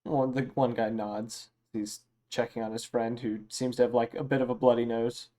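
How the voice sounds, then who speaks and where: A man narrating a tabletop game as game master, relaxed and loose, with many fillers. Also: medium pitch, moderate pace.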